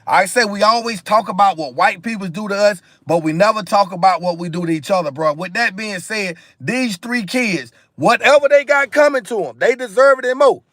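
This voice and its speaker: Emphatic high-voiced man on a livestream. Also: a little fast, few pauses, fairly bright tone, no echo. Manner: emphatic, repetitive, addresses viewers directly. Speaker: live stream host. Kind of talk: impassioned commentary monologue.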